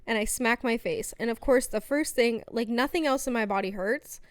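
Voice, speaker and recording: Bright-voiced young woman telling stories. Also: a little high, moderate pace, dry recording. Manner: animated, laughs often, lots of fillers. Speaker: podcast guest. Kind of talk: casual storytelling chat.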